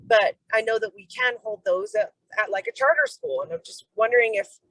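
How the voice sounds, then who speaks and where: A woman's voice: on the high side, brisk, no echo, poor audio. A middle-aged woman on a video call, casually telling a personal story, acting out the dialogue and saying "like" a lot. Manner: animated storyteller who acts out quoted dialogue; fillers like "like". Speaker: program member sharing a story.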